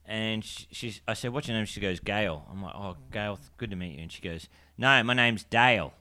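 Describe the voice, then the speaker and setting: An Australian man co-hosting a podcast, easygoing and quick to laugh in casual banter. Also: lowish voice, fairly bright tone. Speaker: podcast co-host. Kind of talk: casual chat.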